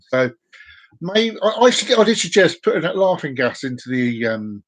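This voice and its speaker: A man, his voice sitting a little high, talks to camera in a rambling solo vlog. He jokes, drifts off topic and slips into a sing-song tone as if talking to himself. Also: animated, a little fast. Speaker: vlogger.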